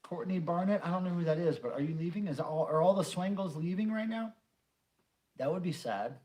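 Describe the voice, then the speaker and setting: A man's voice: high voice, fairly quick, darkish tone. A middle-aged man hosting a casual livestream chat, reading viewer comments and rambling with many fillers and the odd swear. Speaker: livestream host.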